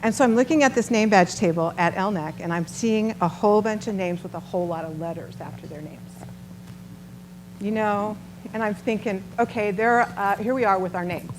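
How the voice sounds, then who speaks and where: A middle-aged woman giving a storytelling talk to a live audience, chatty and animated, often asking the listeners questions. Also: mid-range voice, normal speed, noisy background. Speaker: nonprofit founder giving a talk.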